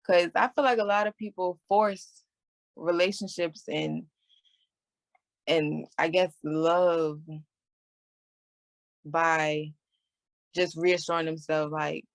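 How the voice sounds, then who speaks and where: A young woman talking frankly in a relaxed podcast chat. Her voice sits low with a gravelly, fry-tinged edge. The sound is dry and close, with no room echo. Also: slow, pauses often. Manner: candid, conversational, with laughs. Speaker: podcast host. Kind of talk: casual chat.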